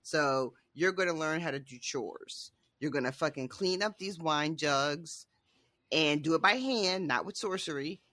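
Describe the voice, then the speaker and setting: A bossy, impatient maid barking chores out bluntly, with the odd curse, as a man quotes her. Bright, close and dry, with only a faint change from his everyday voice. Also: on the high side, a little slow, no room sound. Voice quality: blunt and sweary.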